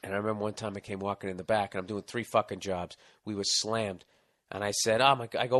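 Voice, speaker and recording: A man's voice: fairly low pitch, fast, a bit bright, no room sound, studio quality. Profane ranting middle-aged man. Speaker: podcast host reading listener advice letters. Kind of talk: casual podcast chat.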